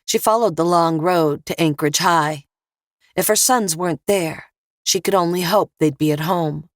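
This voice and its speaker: A woman narrating an audiobook thriller in a steady, measured read. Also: low-pitched, no room sound, clean studio sound.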